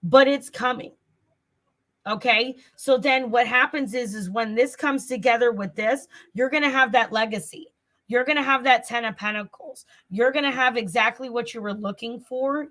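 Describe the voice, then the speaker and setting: A chatty woman with a Southern US accent hosts a casual tarot livestream, talking straight to her viewers and circling back over her words. Her voice sits on the higher side. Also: moderate pace, a bit bright. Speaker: tarot reader and channel host.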